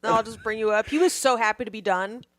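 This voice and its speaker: Female comedian co-host, dry wit, quick teasing delivery, close dry mic. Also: on the high side, no echo. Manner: wry, teasing, quick comebacks. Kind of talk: casual comedy podcast chat.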